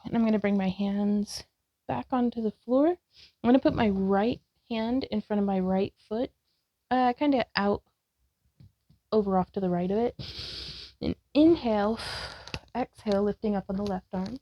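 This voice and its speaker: A woman leading a yoga class, calling out slow, calm cues and directions. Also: mid-range voice, no echo, highs cut off. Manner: slow, calm cueing with soft laughs. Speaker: yoga instructor.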